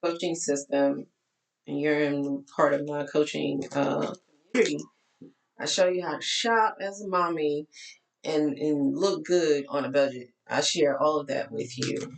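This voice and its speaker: A woman's voice: low voice, steady tone, normal speed, creaky, reverberant, low-quality recording. A woman life coach with a Texas accent, talking candidly to her followers in a tired voice that keeps cracking. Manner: candid, chatty, preachy asides. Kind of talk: casual talk to followers.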